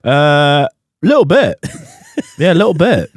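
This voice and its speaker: A man's voice: a little high, big pitch swings, a little slow, no echo. A man co-hosting a podcast in a small studio, blunt and sweary, teasing the others. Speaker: podcast co-host. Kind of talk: casual banter.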